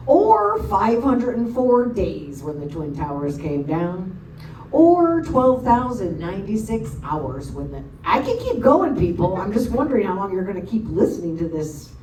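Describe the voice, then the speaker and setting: A woman's voice: on the low side, a little mellow. A woman doing a stand-up comedy set in a bar, telling bawdy stories with teasing quoted dialogue. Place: bar stage. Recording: echoey bar room from far off, faint noise.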